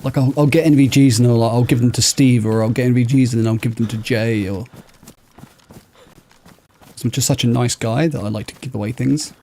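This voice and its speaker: A man's voice: medium pitch, steady tone, a little fast, dark tone, a little hiss or hum. A man streaming a game from bed, rambling and joking with his chat in a casual way. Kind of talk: casual livestream chat while gaming. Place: lying in bed.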